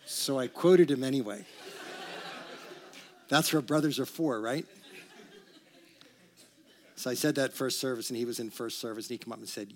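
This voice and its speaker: A pastor's mid-range voice, marked by vocal fry and frequent pauses, moves at a moderate pace through a sermon in the church sanctuary. He chats and jokes with the congregation and leads them in call-and-response recitation.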